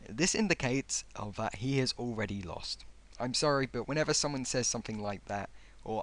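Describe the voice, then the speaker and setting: A man's voice: mid-range voice, expressive, normal speed, fairly bright tone. A young man casually reading out an online comment argument and answering it with sarcastic, mocking remarks.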